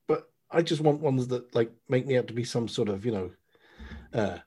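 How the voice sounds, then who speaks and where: A man's voice: mid-range voice, lively intonation, moderate pace, warm tone, husky. A middle-aged man co-hosting a podcast over a video call, rambling and joking about himself. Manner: rambling, self-mocking, many restarts. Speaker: podcast co-host. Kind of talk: casual chat.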